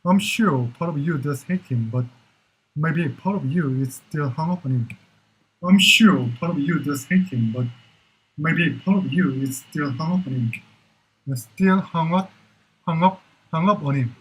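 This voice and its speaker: A man shadows English drama dialogue, repeating each phrase many times. His voice is husky and sits a little high, and he speaks slowly and with care. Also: poor audio. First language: Korean. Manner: repeats short phrases again and again, slow and careful. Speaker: English learner. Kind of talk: shadowing drills of drama lines.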